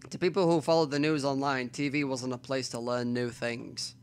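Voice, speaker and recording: A man reading a visual novel aloud as the host of a let's play, with quiet asides to himself between stretches of narration. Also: medium pitch, level tone, normal speed, clear, resonant tone.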